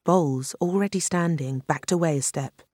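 An audiobook narrator with a middle-pitched voice reads a thriller in a measured, even manner. It's scripted narration, recorded dry and close with no room sound.

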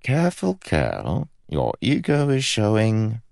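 A man voicing a playful, teasing young prince of about twenty, calm and wryly amused. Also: fairly low pitch, takes it slowly, vocal fry, dry recording, studio quality, pitched above the performer's own voice, exaggerated voice.

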